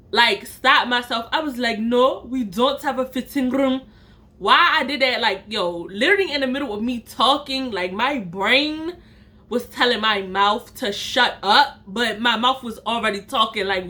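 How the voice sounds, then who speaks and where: A young woman does a playful storytime, talking directly to her viewers. Her slightly high voice sounds bright and forceful, and she speaks loosely while repeatedly making herself laugh.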